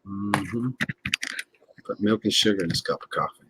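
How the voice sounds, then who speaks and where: A man's voice: on the low side, moderate pace, sharp tone, slight background noise, low-quality recording. A man co-hosting a casual live chat stream, easygoing, reading viewer comments aloud.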